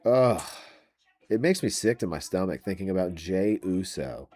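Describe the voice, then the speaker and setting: A man's voice: low voice, expressive, normal speed, darkish tone. A man hosting a wrestling podcast, ranting about match predictions in a profane, exasperated way.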